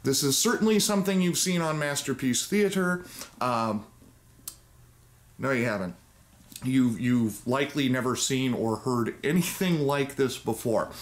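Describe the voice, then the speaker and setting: A man's voice: mid-range voice, measured pace. A man hosting a video and reading an old children's story aloud with wry, theatrical asides. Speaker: YouTube host. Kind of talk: joking story-time reading.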